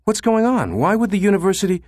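A man's voice: medium pitch, very animated, moderate pace, a little mellow, no echo, studio quality. A man voicing a young woman in an audiobook, affectionate and anxious about her fiancé. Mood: pleading.

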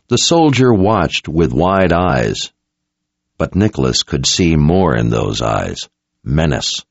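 Deep-voiced male fantasy narrator. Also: big pitch swings, no room sound. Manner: measured, dramatic storytelling. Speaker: audiobook narrator. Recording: dull lo-fi recording.

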